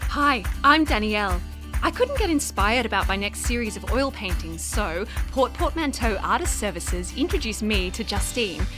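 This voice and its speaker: A woman's voice: mid-range voice, very animated, normal speed, music in the background, natural voice. A woman playing a heartbroken artist giving an earnest advert testimonial. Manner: earnest, laughing through tears.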